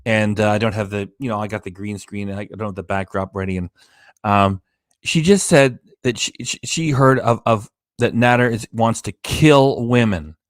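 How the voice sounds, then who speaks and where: A man's voice: fairly low pitch, normal speed, dry recording, studio quality. Tired, sarcastic man ranting on a stream. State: tired, low energy. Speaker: reaction channel host. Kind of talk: reaction commentary on a live stream. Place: home studio with green screen.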